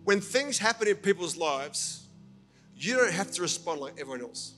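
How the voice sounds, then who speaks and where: Earnest preacher with a fairly high voice. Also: male voice, big pitch swings, moderate pace, sharp tone, soft background music. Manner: earnest, storytelling, appealing directly to listeners. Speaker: senior pastor. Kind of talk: sermon. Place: church service.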